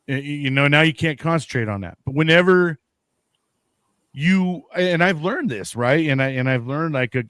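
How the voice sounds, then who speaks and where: A man hosting a relaxed podcast conversation, his voice sitting a little on the high side. He rambles, restarts his sentences and drops casual swear words. The sound is dry and close, with no room behind it. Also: normal speed, clear, resonant tone, no room sound. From United States. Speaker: podcast host.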